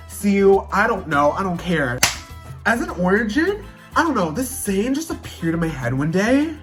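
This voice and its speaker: A young woman talking straight to camera in a brash, swearing, theatrical vlog manner. Her voice sits fairly low for a woman, with a soft music bed underneath. Casual and playful throughout. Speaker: vlogger.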